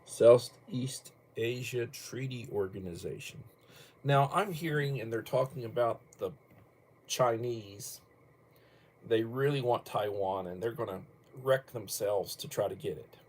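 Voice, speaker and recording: Unhurried and a little mellow, an older man with a medium-pitched voice hosts a livestream from home. He drifts bluntly from topic to topic, swearing casually along the way.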